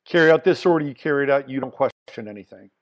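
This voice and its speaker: A man hosting a solo commentary podcast, talking bluntly and swinging between loud emphasis and muttered asides. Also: medium pitch, lively intonation, fast talker, dull audio. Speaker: podcast host.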